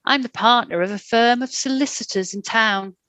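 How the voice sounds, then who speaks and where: A man's voice: very high-pitched, normal speed, bright, forceful tone, clear, resonant tone, dry recording, voice pushed up. A woman voicing a drunk, leering businessman whose words run together. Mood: pushy. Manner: slurred, words running together.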